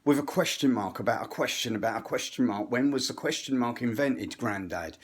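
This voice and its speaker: A man's voice: medium pitch, fairly quick, slightly rough, close to an everyday voice. A man putting on an irritable old grandfather with an English accent, ranting and swearing in exasperation. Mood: exasperated.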